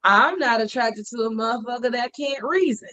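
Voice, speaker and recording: A woman's voice: a little high, normal speed, bright, forceful tone, rough recording. A woman co-hosting a casual gossip podcast, blunt and profane as she rants. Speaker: podcast co-host.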